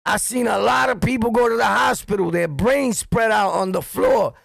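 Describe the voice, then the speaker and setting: A middle-aged man with a New York accent, a streamer telling street stories in a blunt, profane, animated monologue. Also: high-pitched, normal speed, vocal fry, no echo. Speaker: streamer and commentator. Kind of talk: heated street-talk monologue.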